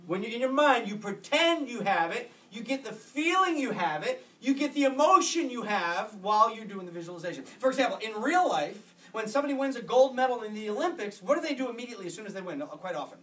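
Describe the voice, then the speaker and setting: A man giving a motivational talk to an audience, energetic and emphatic, with repeated phrases. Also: high voice, fast, hardly any pauses. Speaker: motivational speaker. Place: office meeting room. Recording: distant mic in a room.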